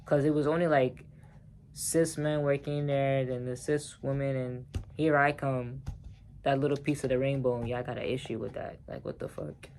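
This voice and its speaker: A man's voice: medium pitch, fairly even intonation, normal speed, a little mellow, a little hiss or hum. A man telling a personal story in a casual vlog, heated and profane, talking straight to the viewers.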